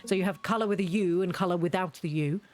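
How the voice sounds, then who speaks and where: A woman's voice: fairly low pitch, quick pace, darkish tone. A young woman chatting casually as she plays a game, ranting and laughing often. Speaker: gaming video creator. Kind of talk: casual gameplay commentary.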